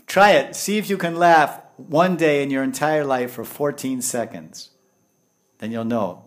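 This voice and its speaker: A man giving a devotional lecture in English with Sanskrit and Hindi terms, telling lively stories and swinging from hushed tones to loud bursts. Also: medium pitch, moderate pace. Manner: animated, acts out voices and laughter, swings from hushed to loud. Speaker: spiritual teacher.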